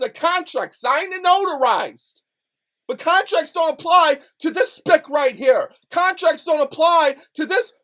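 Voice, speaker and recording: A man, a rapper, delivering an angry, profane rant to camera in a loud, heated voice. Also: extremely high pitch. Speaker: rapper and vlogger.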